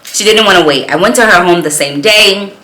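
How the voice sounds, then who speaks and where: A woman's voice: medium pitch, fairly quick, pushed and bright, echoey room, low-quality recording. A woman and small business owner telling a personal story in a vlog, earnest and reflective as she talks about her faith.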